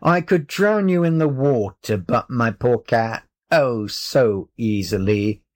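A man's voice: medium pitch, lively intonation, slow. A man voicing a sly, smug talking cat. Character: sly, smug male cat in a boy's body.

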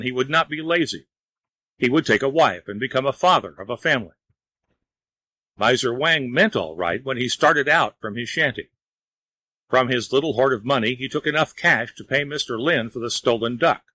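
A man narrating a storybook tale in a measured, even reading voice. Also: mid-range voice, dry recording, low-quality recording.

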